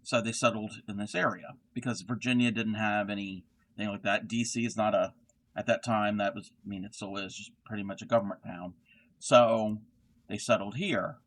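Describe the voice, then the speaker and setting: Middle-aged man, low voice. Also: a bit bright. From Baltimore area, Maryland. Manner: rambling, answers chat while crocheting. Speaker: crochet livestream host. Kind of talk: casual live-stream chat.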